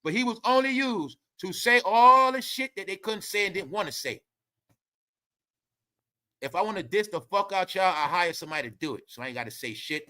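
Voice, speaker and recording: Man host, high bright voice, heated swearing gossip rant that keeps repeating its points. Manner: heated, swearing, repetitive and preachy. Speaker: commentary channel host. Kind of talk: ranting celebrity gossip commentary.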